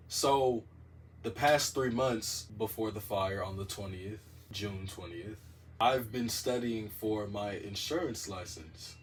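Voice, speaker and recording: Profane, animated storytelling man. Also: medium pitch, far from the mic, slight background noise. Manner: profane, animated, dramatic delivery. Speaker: vlogger telling a story. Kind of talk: casual storytime monologue.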